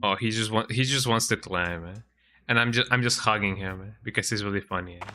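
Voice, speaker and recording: A man's voice: lowish voice, brisk, pushed and bright, faint music behind. A man streaming a game, chatting casually, often ending sentences with "eh?" and talking to his cat. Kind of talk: casual gameplay commentary.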